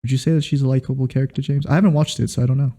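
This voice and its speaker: A man with a very dark, mellow voice hosts a casual podcast chat. He teases his co-host relentlessly and keeps up a put-on British accent at a middle pitch. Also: fairly even intonation, racing.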